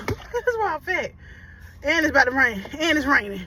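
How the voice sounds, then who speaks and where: A woman vlogging casually to her viewers, loud and profane and laughing often, talking about being a mother. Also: high-pitched, very animated, moderate pace. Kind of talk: casual vlog chat. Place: outdoors and in a car. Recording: noisy background.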